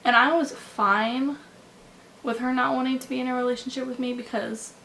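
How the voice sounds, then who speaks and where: A young woman vlogger telling a personal story in a candid, halting way, full of likes and restarts, recorded on a camera mic in her room. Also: high-pitched, fairly even intonation, gravelly, bright, forceful tone, a little hiss or hum, low-quality recording. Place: bedroom with window open.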